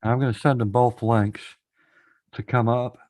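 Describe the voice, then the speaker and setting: Hosting a laid-back live stream panel, a man speaks at normal speed in a medium-pitched, darkish voice with fairly even intonation. He encourages guests to come up and talk, repeats himself frequently and talks directly to the chat.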